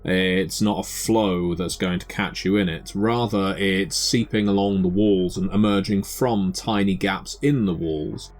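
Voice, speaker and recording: A man narrating a tabletop game as game master, describing scenes in a measured way with occasional fillers. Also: sits low, steady tone, darkish tone.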